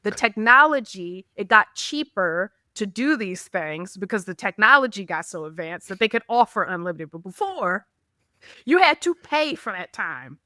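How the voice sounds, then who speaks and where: A woman co-hosting a podcast in casual, animated chat, laughing often and acting out the texts she quotes. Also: mid-range voice, moderate pace, dry recording, studio quality. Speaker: podcast co-host.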